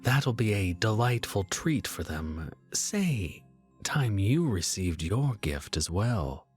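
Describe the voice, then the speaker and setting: A man voicing a starving, sly fake Santa's helper in a horror story, speaking hushed and wheedling. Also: lowish voice, big pitch swings, slow pace, faint music behind. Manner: hushed, wheedling, sometimes sing-song.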